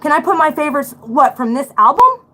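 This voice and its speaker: Her high voice is bright and forceful, fairly quick, and full of big pitch swings. She's a forties-aged livestream host with a Central Pennsylvania accent who reacts to music bluntly and outspokenly, with preachy asides along the way.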